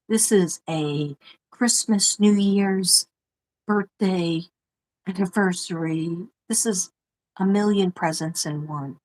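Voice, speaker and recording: A woman's voice: lowish voice, low-quality recording. A middle-aged woman from Staten Island with a New York accent, chatting casually on a livestream, rambling and laughing often. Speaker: livestream host, former teacher. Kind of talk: casual livestream chat reading mail.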